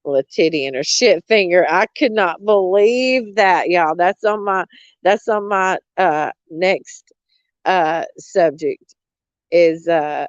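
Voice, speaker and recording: A woman's voice: lowish voice, slow pace, dry recording, lo-fi sound. A woman, a vlogger gossiping in a blunt, mocking way, often laughing and cursing. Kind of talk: casual gossip chat.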